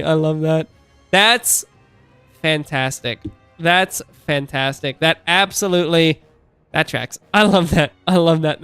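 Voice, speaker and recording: A man's voice: a little high, sharp tone, clear, resonant tone, dry recording. A man in his thirties chatting casually on a live stream, rambling through asides and laughing often.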